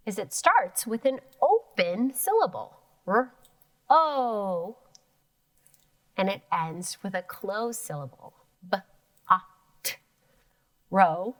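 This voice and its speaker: A woman teacher giving a phonics lesson to children, slowly and clearly stretching out sounds and spelling letters. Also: medium pitch, big pitch swings, dry recording, distant mic. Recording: dry sound, voice a bit off the mic.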